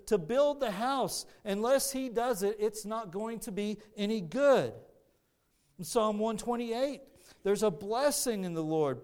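A man with a high, clear, resonant voice preaches a sermon. He teaches earnestly and walks listeners through his points, often restarting his phrases as he goes. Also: darkish tone. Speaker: pastor.

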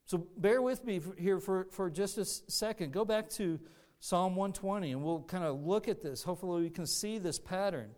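A man with a high, clear, resonant voice preaches a sermon. He teaches earnestly and walks listeners through his points, often restarting his phrases as he goes. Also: moderate pace, a little mellow. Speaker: pastor.

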